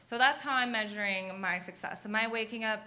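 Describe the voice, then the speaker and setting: A woman's voice: fairly high pitch, a little fast, bright, forceful tone. A woman speaking on a live panel as a mother, earnest and emphatic, circling back to her main point. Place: live event at a university.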